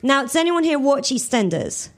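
A woman comedian from England reading her own comic fan fiction aloud to a live audience, with quick asides to the crowd. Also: high-pitched, sing-song.

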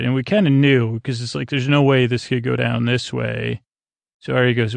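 Male podcast host, rough fry-heavy voice, dry room, chatty meandering recap. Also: mid-range voice, little pitch movement, normal speed, dry recording. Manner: rambling, many fillers and restarts. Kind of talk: casual episode recap.

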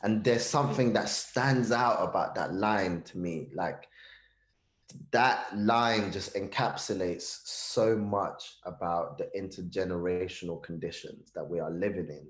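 A deep-voiced man speaks reflectively as an interview guest, circling back and restarting phrases as he thinks aloud. His low voice carries a roomy echo. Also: a little slow. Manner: thoughtful, restarts phrases, uses British slang.

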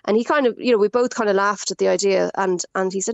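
Irish woman, radio guest, gravelly voice, dry close sound, animated storyteller. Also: mid-range voice, brisk, no room sound. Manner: animated storytelling, quotes others. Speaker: scam victim guest. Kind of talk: radio interview.

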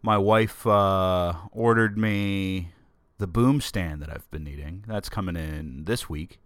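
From his home office, a man hosting his own podcast rambles through a casual solo monologue, joking about himself while nursing a sore throat and feeling under the weather. He speaks slowly in a low, slightly bright voice. The desk microphone gives a dry recording.

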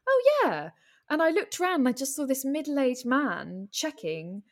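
Brief: woman guest, slightly high voice, chatty, acts out her thoughts in animated bursts. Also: moderate pace. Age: adult with a husband and a child. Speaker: podcast guest, comedian and writer. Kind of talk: casual interview chat.

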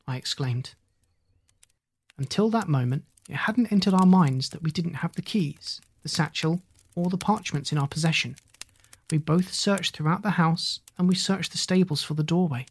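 A reader narrating a novel in the first person with a steady, measured delivery. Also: mid-range voice, husky, no echo. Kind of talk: audiobook narration.

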